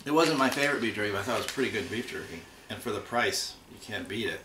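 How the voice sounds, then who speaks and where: A man co-hosting a casual taste-test chat, relaxed and thinking aloud as he compares flavors. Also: on the low side, racing. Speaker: co-host. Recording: roomy room, mic a bit far, faint noise.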